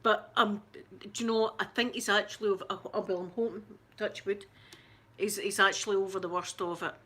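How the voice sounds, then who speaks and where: Shaken Scottish woman, talking haltingly. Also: medium pitch, fairly even intonation, a bit bright. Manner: halting, shaken, many restarts and fillers. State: upset, close to tears. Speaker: ASMR channel host. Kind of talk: casual live chat.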